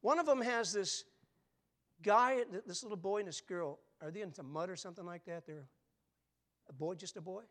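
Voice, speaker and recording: A man in his seventies preaching a sermon, moving from quiet, conversational asides to loud, emphatic calls. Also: high-pitched, normal speed. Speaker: pastor.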